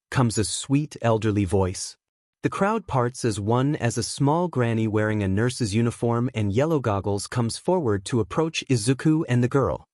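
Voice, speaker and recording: A man narrating a fan-written story in a steady, even storytelling manner. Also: medium pitch, normal speed, no room sound, clean studio sound. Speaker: fanfic narrator.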